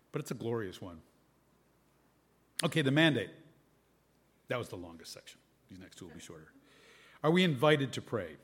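A man preaching a sermon in a conversational way, reading scripture aloud and musing on it with varied emphasis. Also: fairly low pitch.

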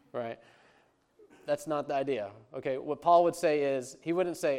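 Man, pastor, sermon, conversational, emphatic, clear resonant voice. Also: on the high side, moderate pace, a little mellow. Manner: conversational, emphatic preaching with restarts.

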